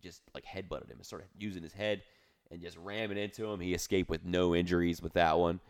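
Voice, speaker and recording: Slangy low-voiced man telling stories. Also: steady tone, brisk, dry recording. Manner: rambling, slangy storytelling with lots of "dude" and "bro". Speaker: podcast co-host. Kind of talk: casual podcast chat.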